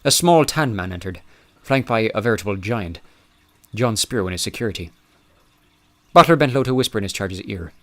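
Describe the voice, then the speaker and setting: A man's voice: on the low side, lively intonation, fairly quick, a bit bright. Man reading an audiobook. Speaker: audiobook narrator. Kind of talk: scripted narration.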